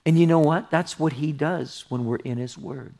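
A man's voice: a little high, moderate pace, gravelly. A man pastor teaching through a Bible passage in an earnest sermon, reading scripture aloud and commenting on it conversationally. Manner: earnest, drops to a hushed whisper for tender asides.

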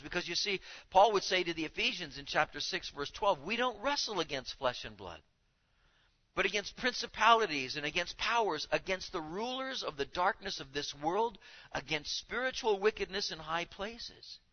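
A man's voice: sits high, animated, moderate pace, muffled recording. A man preaching a sermon in an earnest way, building to emphatic lines and repeating words as he goes. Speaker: pastor.

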